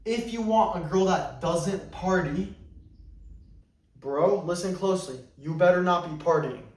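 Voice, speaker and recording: A man's voice: high voice, measured pace. A man giving dating advice as a coach in a blunt, emphatic monologue. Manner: blunt, emphatic, repeats "you better". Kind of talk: direct-to-camera advice monologue. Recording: roomy echo, mic at a distance.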